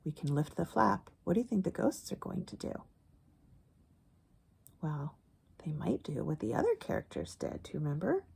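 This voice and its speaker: A woman reading a picture book aloud to children, pausing to explain words and letter sounds in a teacherly way and shushing softly between lines. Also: low voice, big pitch swings, gravelly, slightly rough, whispered. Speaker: children's story reader.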